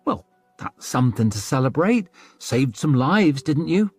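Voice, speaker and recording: A plain-spoken young woman of the north with a dry, teasing tongue, as a male narrator puts her on. Her voice sits high and a little husky, with a different timbre from the narration, in a dry, close audiobook recording with faint music behind. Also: sing-song, unhurried, no room sound. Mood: wry. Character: blunt young northern woman, wry and earthy.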